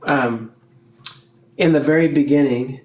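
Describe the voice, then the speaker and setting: A man's voice: mid-range voice, measured pace, reverberant, poor audio. A man who works on church staff, rambling through a casual podcast chat, correcting himself and chuckling often. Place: church studio room.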